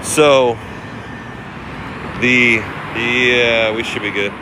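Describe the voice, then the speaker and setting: A chatty man live-streams as he walks through the city, thinking out loud and calling out thanks to viewers. His voice sits at an everyday middle pitch. Wind and street traffic are clearly audible around him. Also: fairly even intonation, very slow. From United States. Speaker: live-streaming travel vlogger. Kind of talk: casual live-stream chat while walking. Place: outdoors on windy city streets. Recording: outdoor street noise. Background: wind and passing traffic.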